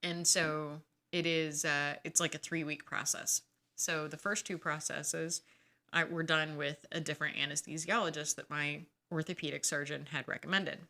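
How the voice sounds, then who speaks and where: A woman's voice: sits low, little pitch movement, normal speed, pushed and bright. A woman podcast host telling a personal story in a casual, indignant and sarcastic way.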